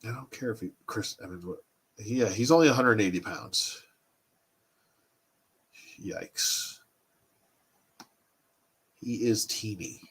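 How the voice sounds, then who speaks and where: A man's voice: lowish voice, slow, pauses often, fairly bright tone, husky. A man in his thirties hosting a casual livestream, rambling and thinking aloud as he answers his chat. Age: 30s. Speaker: toy collecting livestream host.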